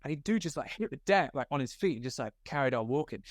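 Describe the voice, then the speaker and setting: A young man from Scotland tells stories from a film set in a loose, slangy way, scattering filler likes through his talk. His voice sits at a middle pitch and is recorded close and dry, with no room sound. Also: expressive, fast talker, no echo. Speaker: actor guest. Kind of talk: casual interview storytelling.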